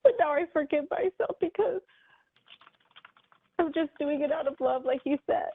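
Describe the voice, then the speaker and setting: A woman's voice: high-pitched, moderate pace. A woman speaking as a hypnosis client in trance, emotional and full of wonder. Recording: tinny phone-like call line.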